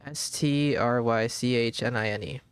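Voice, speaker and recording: A man's voice: medium pitch, smooth. Man thinking aloud over a game. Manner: thinks aloud, slow and halting, spells words out. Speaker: streamer. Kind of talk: casual live gameplay commentary.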